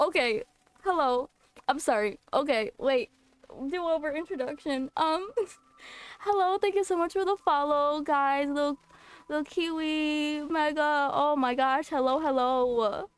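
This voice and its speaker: A woman's voice: sits high, measured pace. A woman cosplay streamer on a live game reaction stream, tearful and flustered, apologizing and laughing between her words. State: tearful, emotional.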